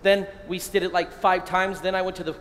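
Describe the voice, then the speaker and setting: A middle-aged priest giving a lively keynote talk to a crowd of men, calling out phrases for them to repeat. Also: male voice, sits high, fairly quick. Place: large hall. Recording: long hall reverb, faint ambient noise.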